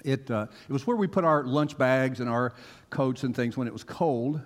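A man preaching a sermon to a congregation, telling stories with animated swings from hushed to loud. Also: mid-range voice, moderate pace. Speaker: pastor. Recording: long reverb of a large hall.

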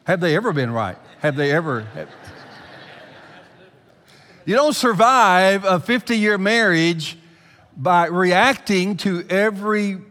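A man preaching a sermon to his congregation, climbing loud for emphasis and then dropping low. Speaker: pastor. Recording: long hall reverb.

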